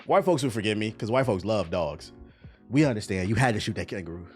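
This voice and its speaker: A man's voice: lowish voice, fast, soft background music. A young man hosting a livestream in casual chat, joking, swearing and reading chat messages aloud. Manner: animated, joking, profane, reads chat aloud. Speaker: livestream host.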